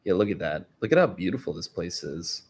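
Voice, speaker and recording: A man casually reacting to videos and chatting with viewers in a playful, animated way. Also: deep voice, fairly quick, breathy edge.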